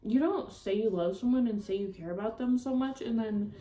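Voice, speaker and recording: A woman's voice: medium pitch, normal speed, dark tone, reverberant, a little hiss or hum, low-quality recording. A young woman vlogging a rambling, upset story about a breakup, full of fillers and swearing. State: upset, near tears. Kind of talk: ranting storytime vlog.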